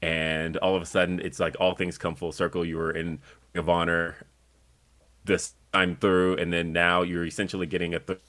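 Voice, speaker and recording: Male host, low pitch, friendly, loose interviewer delivery. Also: level tone, moderate pace, a bit bright. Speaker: podcast host. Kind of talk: interview questions.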